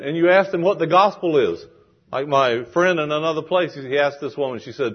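A man's voice: on the high side, a little fast. Preaching man, dull lo-fi recording. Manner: animated preaching, acting out quoted voices. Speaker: pastor. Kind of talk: sermon. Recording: dull lo-fi sound.

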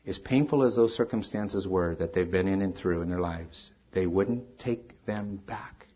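A man preaching as pastor, earnest, swinging from emphatic stresses to quiet, soft lines. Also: low-pitched, a little slow, husky. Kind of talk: sermon. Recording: dull lo-fi sermon recording.

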